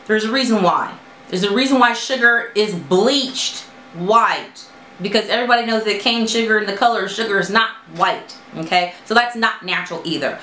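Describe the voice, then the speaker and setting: A woman chatting straight to her viewers in a natural hair vlog, animated and outspoken. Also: roomy sound, slight background noise, low-quality recording. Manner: animated, talks straight to viewers with lively pitch jumps. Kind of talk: casual chat to camera.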